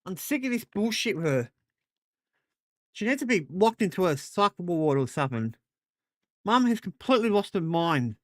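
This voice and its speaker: A man's voice: sits high, big pitch swings, normal speed, pauses often, no echo, clean studio sound. Irritated man venting on stream. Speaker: stream host. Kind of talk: casual livestream chat.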